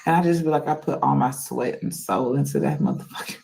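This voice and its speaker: A woman's voice: very deep voice, very animated, fairly quick, creaky, warm tone, rough recording. A woman on a livestream venting her annoyance to viewers and reading chat comments aloud. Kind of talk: casual venting to a live chat.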